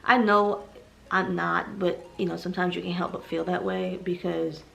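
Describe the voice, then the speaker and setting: Tearful, rambling pregnant woman with fry. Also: on the low side, steady tone, moderate pace, a bit bright, slight background noise. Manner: emotional, rambling, tearful at times. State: heavily pregnant. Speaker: vlogger. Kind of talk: personal vlog confession.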